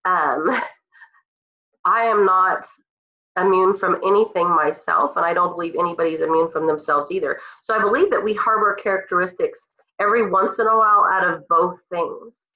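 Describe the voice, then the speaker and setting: A woman's voice: fairly low pitch, normal speed. A woman with a cold, leading her team on a call in an earnest, emotional, motivational way. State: congested from a cold. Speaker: team leader speaking on a call. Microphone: phone or computer on a call. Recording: roomy, dull lo-fi call audio.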